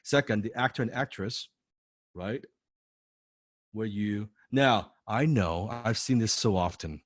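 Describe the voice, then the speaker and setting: A sales coach with a lowish voice leads a live sales training class at an unhurried pace, recorded on a close, dry mic with no room sound. He's emphatic, repeats key phrases, and acts out phone calls.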